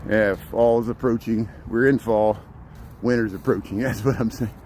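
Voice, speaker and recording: A man's voice: lowish voice, steady tone, normal speed, darkish tone. A man talks as he walks through a city park at dawn, filming on a handheld phone and chatting to his livestream viewers. He rambles, repeating words and restarting his sentences, and sounds a little out of breath. Traffic hum and street sounds sit faintly behind his voice. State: slightly out of breath from walking. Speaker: walking livestream host. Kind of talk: casual live walking commentary.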